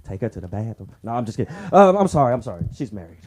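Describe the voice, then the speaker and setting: A man works through a crude open-mic stand-up set at a comedy club. His voice swings widely in pitch, and he jumps into shrill voices to act out the characters. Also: big pitch swings, racing, a little mellow. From Southern California.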